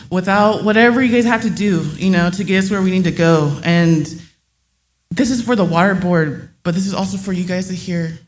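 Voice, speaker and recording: A woman giving public comment at a meeting in a room, speaking with passion and partly reading a prepared statement. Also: medium pitch. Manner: impassioned, reads a prepared statement.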